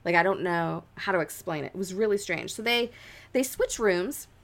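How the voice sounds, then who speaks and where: A young adult podcast co-host tells a ghost story in a fairly low, expressive voice at a moderate pace. She is chatty and casual, with frequent "like" fillers and dramatic voices for what people said.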